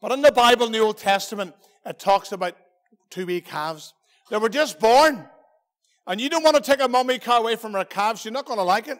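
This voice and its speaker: High-voiced Northern Irish preacher. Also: male voice, animated, brisk, long reverb tail. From Northern Ireland. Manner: storytelling, asks the children questions, playful. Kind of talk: children's talk in a church service. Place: church hall.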